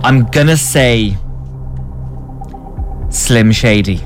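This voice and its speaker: Laid-back man, slow talk. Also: mid-range voice, faint music behind. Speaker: radio co-host.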